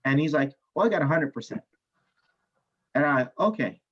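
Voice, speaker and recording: Animated male chemistry teacher, lo-fi. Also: fairly high pitch, moderate pace, breathy edge. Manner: animated storyteller, asks "right?" often, swears. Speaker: chemistry instructor. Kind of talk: classroom lecture, telling a personal story. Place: classroom.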